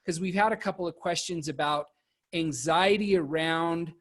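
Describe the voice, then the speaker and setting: A man moderating a virtual panel discussion over a video call, speaking haltingly and often repeating words as he restarts. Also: fairly high pitch, a bit bright.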